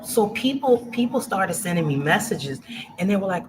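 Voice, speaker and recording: A middle-aged woman from Louisiana, a business-owner guest telling her story in a casual interview, animated, acting out quotes and laughing often. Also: medium pitch, normal speed. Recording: noisy livestream audio.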